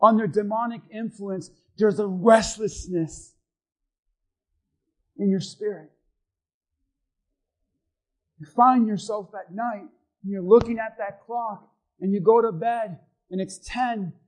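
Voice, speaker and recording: High-voiced preacher, slow, shouting. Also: male voice, poor audio. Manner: preaching with sudden shouted peaks and hushed drops; acts out voices of doubters and accusers. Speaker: pastor. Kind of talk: sermon. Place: church.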